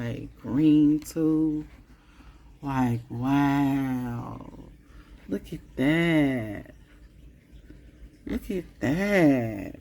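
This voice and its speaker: A woman's voice: sits low, warm tone. A woman in her late fifties talking casually to camera as a vlogger, musing and chatty, calling her viewers y'all. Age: 50s.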